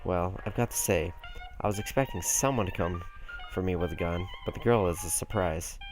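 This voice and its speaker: A wry, unshaken old president from a story game, read by a man in his everyday voice. Low, measured and dry, with faint music underneath. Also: natural voice, poor audio. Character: stern old male president, calm and wry.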